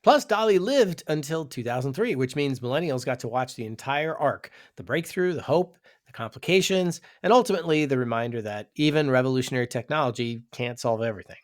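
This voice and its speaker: A man's voice: mid-range voice, animated, brisk, few pauses. A man co-hosting a podcast in casual scripted banter, upbeat and reading segues and sponsor lines. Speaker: podcast co-host.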